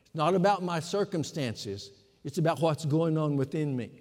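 Male pastor, measured emphatic sermon, slightly high voice, reverberant church hall. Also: expressive, a little mellow. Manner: slow, emphatic preaching with pauses.

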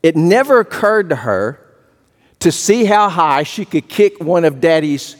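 A male pastor preaches in a folksy, storytelling manner and often restarts on a repeated word. His voice sits somewhat high for a man, and a long reverb trails it through the church hall. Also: sing-song, measured pace. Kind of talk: sermon.

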